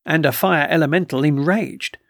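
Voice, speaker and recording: A man reading aloud voices a calm male occult doctor who speaks quietly and with measured assurance. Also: a little high, dry recording, clean studio sound. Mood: triumphant.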